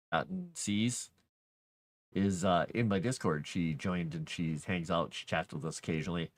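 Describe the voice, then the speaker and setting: A man's voice: lowish voice, no echo. A man casually chatting on a live stream, talking about his world-building and reading messages from viewers. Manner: chatty, talks to his cat and reads chat.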